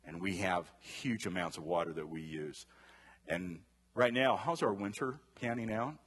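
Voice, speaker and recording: A man with a lowish, husky voice leads a conversational Bible lesson. He talks casually with his group, tosses them questions, and wanders off into personal asides before pulling back to the text. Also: normal speed, a bit bright. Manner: chatty, asks the class questions, wanders into side stories. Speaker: Bible study teacher.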